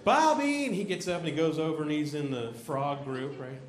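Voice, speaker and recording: A man telling a stand-up comedy story on stage, peppering each beat with "right?" and leaping into loud character voices. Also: fairly quick, slight background noise. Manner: animated storytelling, jumps into shrill shouted voices for characters; tag questions "right?" after nearly every beat. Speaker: stand-up comic. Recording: roomy club sound with audience.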